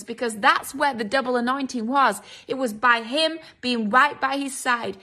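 Woman preacher, high, bright voice, emphatic sermon delivery with acted-out quotes. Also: moderate pace, few pauses. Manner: emphatic, dramatic quoted voices, direct address to listeners.

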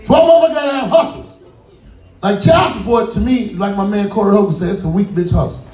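A man doing a stand-up comedy set on a cafe stage, loud and profane, acting out characters as he goes. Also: sits high, fast. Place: music cafe stage with live audience. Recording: roomy, distant live club recording.

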